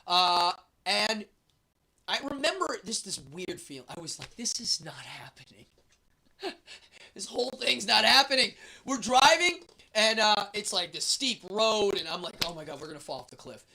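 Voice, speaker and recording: A man's voice: high-pitched, sing-song, moderate pace, gravelly, bright, forceful tone, a little hiss or hum. A man hosting a show, telling a travel story in a casual, rambling way with many fillers.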